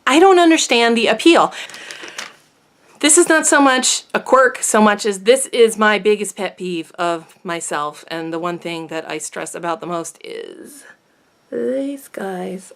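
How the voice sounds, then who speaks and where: A woman's voice: medium pitch, measured pace, fairly bright tone, clear, resonant tone. A woman beauty vlogger chatting casually to camera at home, rambling and self-deprecating.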